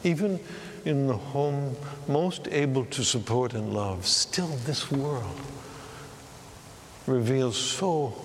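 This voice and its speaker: A man preaching a sermon, telling a story in a slow, reflective way. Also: medium pitch, in a large hall, slight background noise.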